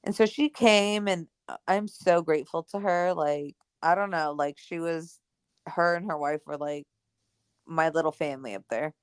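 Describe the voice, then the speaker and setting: A young adult woman co-hosting a podcast, telling a personal story in casual chat, animated and full of "like" and "right?", acting out the dialogue she quotes. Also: low voice, moderate pace, smooth, dry recording, studio quality. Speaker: podcast co-host.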